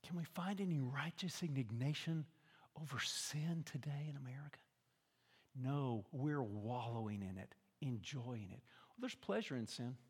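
An older man preaching a sermon as a pastor, with dramatic swings from hushed, quiet lines to loud shouting. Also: medium pitch, normal speed, slightly rough, big-room sound.

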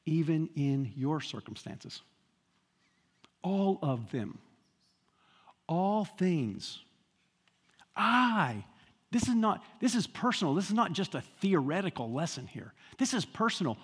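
A man's voice: a little high, sing-song, a little slow, long pauses, slightly rough, big-room sound. A man preaching a sermon as pastor, emphatic and full of rhetorical questions and repetition.

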